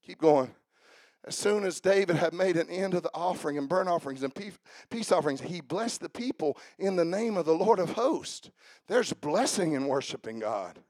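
A man preaching a sermon in church, swinging between shouted exhortation and quiet joking asides. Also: on the high side, animated, moderate pace, dry recording, clean studio sound.

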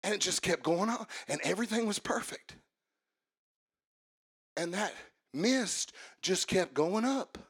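A male preacher delivering a sermon in a church, swinging from quiet talk to shouted, sing-song preaching. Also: high-pitched, animated, a little slow, pauses often, breathy edge. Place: church sanctuary.

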